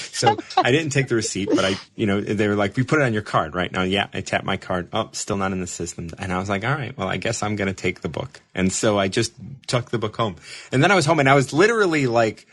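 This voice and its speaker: A man hosting a show, telling a rambling, self-mocking story in casual chat, animated, with laughs and restarts. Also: lowish voice, brisk. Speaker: show host.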